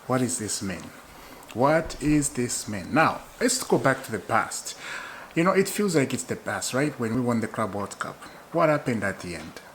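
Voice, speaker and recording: Excitable man chatting football. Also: mid-range voice, slight background noise, poor audio. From Zambia. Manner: excitable and chatty, often laughing. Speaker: football channel host. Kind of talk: casual football chat to camera.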